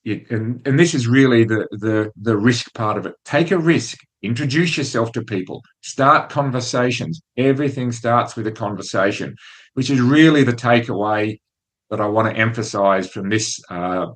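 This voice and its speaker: Male host, relaxed and chatty, everyday mid-range voice, stumbles and restarts as he talks. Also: mid-range voice, moderate pace. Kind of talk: casual whisky show monologue.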